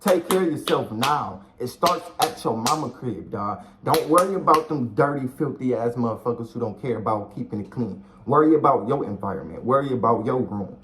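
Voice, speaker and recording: A man's voice: medium pitch, animated, fairly quick, few pauses, noisy background. A man talking casually to camera, giving blunt, profane, slang-heavy life advice in a preachy but encouraging way. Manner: blunt, profane and slangy, repeats himself, calls the viewer bro and dog. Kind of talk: casual motivational talk to camera.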